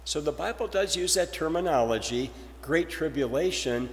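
A man's voice: on the high side, animated, moderate pace, big-room sound, slight background noise. A male pastor delivering a sermon, posing rhetorical questions to his congregation.

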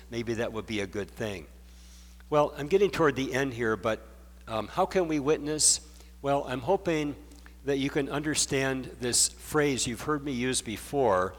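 A man's voice: medium pitch, big-room sound. Earnest male pastor, conversational sermon.

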